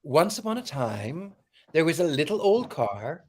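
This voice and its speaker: A man hosting a livestream with a warm, theatrical, exclamatory manner, chatting and reading a storybook aloud. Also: on the high side, sing-song, measured pace, slightly rough. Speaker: livestream host.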